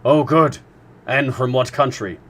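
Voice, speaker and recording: A man's voice: medium pitch, measured pace, a bit bright, pitched above the performer's own voice. A man reading a novel aloud, voicing a learned professor who speaks emphatically and exclaims. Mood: emphatic.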